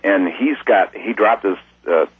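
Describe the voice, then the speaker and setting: A man telling a long story as an interview guest, in a folksy, rambling way that grows animated when excited. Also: deep voice, a little slow, breathy edge, dry recording. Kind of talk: casual storytelling. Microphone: phone. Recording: tinny dry phone line.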